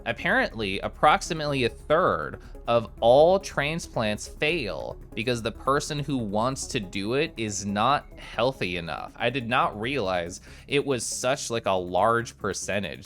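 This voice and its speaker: A man streaming live, chatting casually with his viewers and answering chat with bubbly, excited exclamations. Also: medium pitch, measured pace, faint music behind.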